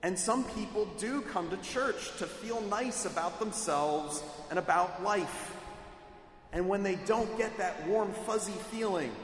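High-voiced preacher in an echoing church. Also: male voice, slight background noise. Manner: measured, emphatic delivery with dramatic quoted speech. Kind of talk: sermon. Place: church sanctuary. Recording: echoey hall, mic at a distance.

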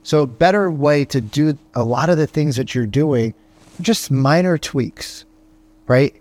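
Man, slightly high voice, sales coach, rhetorical questions, keeps asking "right?". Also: a little mellow. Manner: punchy rhetorical questions, frequent "right?" tags; acts out phone calls in quick voices. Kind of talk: motivational podcast monologue.

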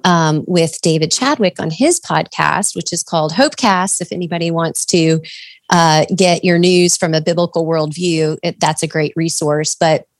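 A woman's voice: low-pitched, moderate pace, no room sound. A woman co-hosting a casual faith podcast, talking in an earnest, reflective way with frequent fillers. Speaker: podcast co-host.

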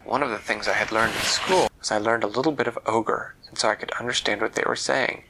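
Gravelly man telling a story. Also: fairly low pitch, steady tone, brisk, background noise. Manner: leisurely, repeats for effect. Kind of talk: oral storytelling.

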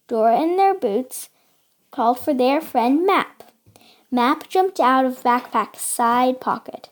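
A woman's voice: high voice, expressive, takes it slowly. A woman reading a children's storybook aloud, carefully and with small slips. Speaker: storybook reader.

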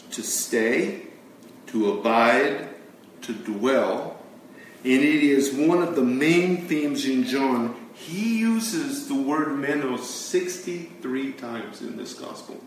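A man's voice: medium pitch, fairly bright tone, a little hiss or hum. A man giving a conversational teaching sermon to a congregation, asking them questions as he goes. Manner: conversational, asks the audience questions. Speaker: pastor. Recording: echoey room, mic from a distance.

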